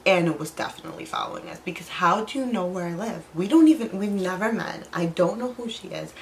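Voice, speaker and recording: A woman's voice: lowish voice, lively intonation, quick pace, slight background noise, poor audio. A young woman vlogger telling a personal story in casual chat, full of "like" and acted-out quotes. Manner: chatty, fills with "like", acts out quoted lines.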